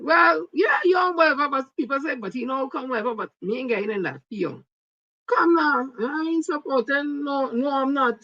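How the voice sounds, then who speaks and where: A woman's voice: fairly high pitch, no room sound, muffled recording. Emphatic Trinidadian woman ranting on a live stream. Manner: emphatic, repetitive, rising to shouts when heated. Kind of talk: casual political commentary on a live stream.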